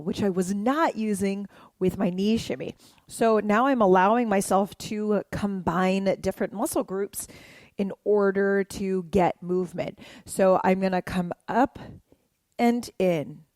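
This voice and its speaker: A woman's voice: medium pitch, a little mellow, no echo, clean studio sound. A woman dance instructor explaining moves and counting beats aloud while she dances, in an encouraging, explanatory way. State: moving while talking.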